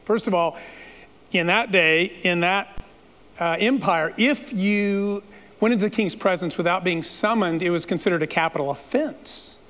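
A man's voice: high voice, moderate pace, fairly bright tone. A man preaching a sermon, retelling a story in a dramatic, playful way with asides to the listeners. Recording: long reverb of a large hall.

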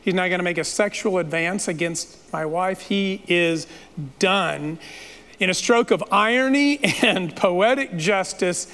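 A man's voice: high-pitched, a little slow, fairly bright tone. A man preaching a sermon, retelling a story in a dramatic, playful way with asides to the listeners. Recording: long reverb of a large hall.

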